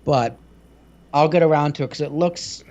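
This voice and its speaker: A man's voice: on the high side, normal speed, darkish tone, highs cut off. A man co-hosting a podcast, chatting casually with enthusiasm and calling his co-host dude. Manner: enthusiastic, swears casually, calls people dude. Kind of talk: casual chat.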